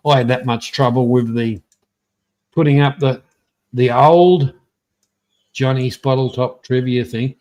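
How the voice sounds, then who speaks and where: A man's voice: mid-range voice, fairly even intonation, a little slow, long pauses, darkish tone. An Australian man hosting a live trivia stream, chatting bluntly and rambling as he greets viewers by name. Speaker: livestream host. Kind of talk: casual live-stream chat.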